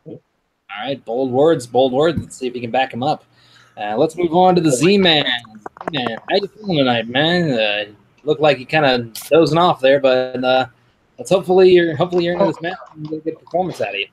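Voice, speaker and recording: A man's voice: fairly high pitch, a little fast, a crowd in the background, rough recording. A man co-hosting a trivia show, casually interviewing the players and teasing them. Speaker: co-host and interviewer.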